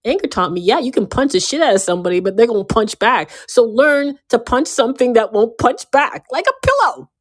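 A woman giving a casual motivational talk, emphatic and given to repeating herself, swinging between loud bursts and quiet asides. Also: fairly high pitch, animated, brisk, hardly any pauses. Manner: emphatic, often repeating and restarting words. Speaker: speaker giving a self-help talk.

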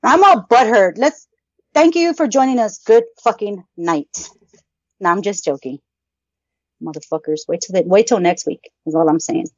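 A woman's voice: mid-range voice, moderate pace, no echo. A woman co-hosting a podcast, swearing constantly and ranting in mock anger in casual chat. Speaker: podcast co-host. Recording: dull lo-fi sound.

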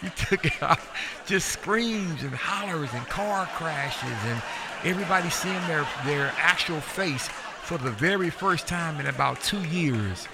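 Animated man hosting a comedy show. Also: on the high side, creaky. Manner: animated storytelling, slows down for punchlines. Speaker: host. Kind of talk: stand-up comedy routine to a live audience. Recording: crowd and room noise. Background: audience laughter.

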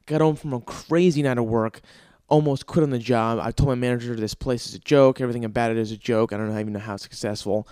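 A man's voice: medium pitch, steady tone, fast, a little mellow, clean tone, no room sound, clean studio sound. A young man hosting his own podcast, telling stories in an exasperated, profane, ranting way with sighs and laughs between bits. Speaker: podcast host. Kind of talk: casual comedic monologue.

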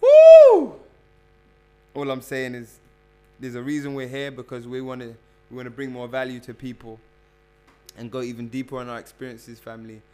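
A man's voice: medium pitch, flat delivery, brisk. A man working as a spiritual health coach, talking casually and preachily to his followers, calling them "family" and hammering his points with repetition. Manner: preachy, calls listeners "family"; emphatic, repeats phrases for effect. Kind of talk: casual livestream talk to followers.

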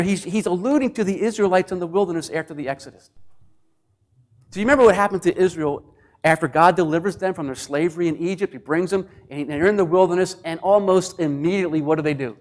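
A man delivers a sermon in a notably high-pitched voice. He preaches with animation, slipping into the voices of complainers and sometimes dropping close to a whisper. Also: a little fast. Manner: animated preaching, acts out grumbling voices, drops to near whispers. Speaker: pastor.

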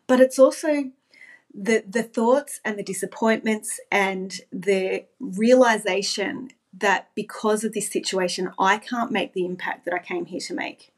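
A woman's voice: medium pitch, unhurried. A middle-aged woman, a former nurse, talking as a podcast guest in an earnest, reflective way. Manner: earnest, reflective, with frequent restarts. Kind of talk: reflective interview talk.

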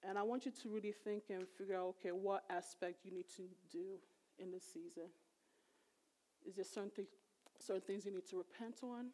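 A woman's voice: mid-range voice, steady tone, a little fast, warm tone. A middle-aged woman giving a sermon in a conversational, emphatic way. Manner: conversational, emphatic, voice rising sharply when retelling emotional moments. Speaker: preacher.

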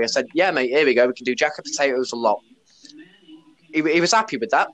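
A man's voice: medium pitch, quick pace, fairly bright tone. A man tells a story on his podcast, blunt and casual. He swears freely and retells what people said. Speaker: podcast host; bar worker.

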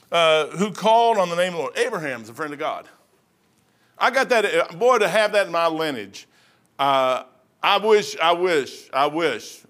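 An older man from Kentucky, speaking in a fairly high, fairly bright voice, preaches in a rambling, folksy manner. He performs the people in his stories, giving Bible figures rapid little voices.

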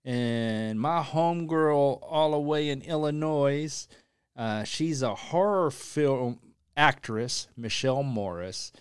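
A man hosting a casual podcast chat, upbeat and rambling, giving enthusiastic shout-outs. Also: mid-range voice, animated, slow pace, clean tone, no room sound, studio quality. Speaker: podcast host.

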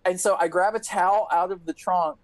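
A man's voice: high voice, fairly quick, no room sound, rough recording. A man telling a wild story on a casual podcast, swearing freely and acting out everyone's lines. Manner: animated, profane, acts out quotes. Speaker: podcast co-host.

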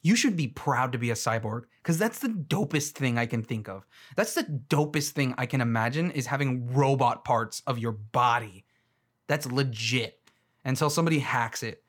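A man's voice: medium pitch, lively intonation, moderate pace. Rambling young man reacting to trailers. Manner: rambling, lots of fillers, laughs easily. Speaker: movie commentator. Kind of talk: casual trailer-reaction commentary.

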